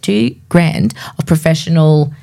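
A woman, a country singer guesting on a radio interview, bubbly and quick to laugh. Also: sits low, vocal fry, dark tone.

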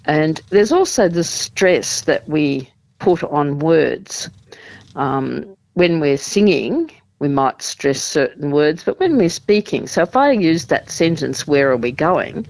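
Woman, community group rep, steady and explanatory, thinks aloud with ums. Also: sits low, dry recording, low-quality recording. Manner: measured, explanatory, with frequent ums and restarts. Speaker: support group representative. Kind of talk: radio interview.

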